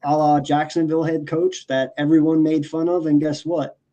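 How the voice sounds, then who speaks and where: A man's voice: on the high side, little pitch movement, normal speed, mellow, lo-fi sound. A man talking sports casually as a podcast co-host, emphatic and profane, often restarting his sentences.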